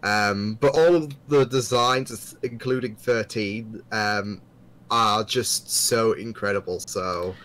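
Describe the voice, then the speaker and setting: A man's voice: on the low side, slow pace, fairly bright tone, low-quality recording. A young man co-hosting a casual podcast, talking hesitantly with many fillers in earnest fan talk. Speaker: podcast co-host. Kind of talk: casual chat.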